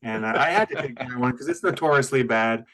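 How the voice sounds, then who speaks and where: A man's voice: mid-range voice, fairly quick, fairly bright tone. A man co-hosting a podcast, chatting casually and laughing easily. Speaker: podcast co-host.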